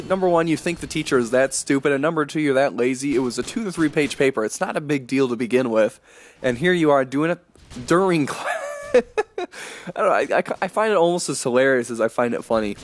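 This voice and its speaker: A man's voice: mid-range voice, brisk, a little hiss or hum. Young man ranting over gameplay. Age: young adult. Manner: rambling, chuckling, ranting. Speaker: gaming commentator. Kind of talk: casual gameplay commentary.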